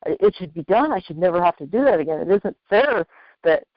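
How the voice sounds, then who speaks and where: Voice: mid-range voice, lively intonation, fast talker, dry recording. Encouraging interview host, lo-fi line. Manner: encouraging, conversational, repeats points. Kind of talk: casual interview chat. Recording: dull lo-fi dry line.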